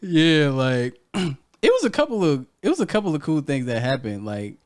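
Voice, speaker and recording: Young male podcast co-host; bright-ish, animated delivery, constant laughter, casual swearing. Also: on the high side, normal speed. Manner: laughs often, loose and profane. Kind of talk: casual storytelling chat.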